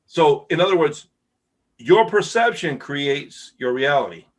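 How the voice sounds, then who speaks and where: A man's voice: on the high side, big pitch swings, unhurried. A middle-aged man hosting a podcast, chatting casually and reacting with enthusiastic wows. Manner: enthusiastic, repeats "wow". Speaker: podcast host. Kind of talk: casual interview chat.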